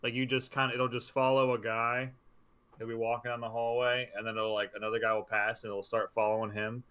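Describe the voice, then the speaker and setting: Bright-voiced man, swearing casual co-host. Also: medium pitch, flat delivery, brisk, smooth. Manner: enthusiastic, swears freely. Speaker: podcast co-host. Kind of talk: casual chat.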